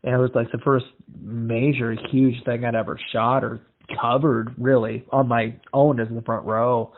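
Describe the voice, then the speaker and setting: Man from Iowa, podcast host, animated storyteller, mid-pitched voice, thin phone-like audio. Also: moderate pace. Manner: animated storyteller acting out quoted voices, swears freely. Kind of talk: casual interview chat.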